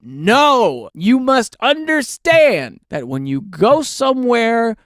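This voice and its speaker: Male comic commentator, lively swooping delivery, dry close sound, sarcastic rants. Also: very high-pitched, slow pace, dry recording. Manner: animated, sarcastic ranting with mock-outraged questions. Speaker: online commentator reading forum posts. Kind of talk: comedic reaction commentary.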